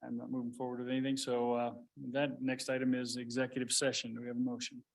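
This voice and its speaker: A man's voice: medium pitch, completely flat delivery, quick pace, gravelly. A man chairing a small-town board meeting, running motions and roll calls in an easygoing way. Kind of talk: meeting procedure.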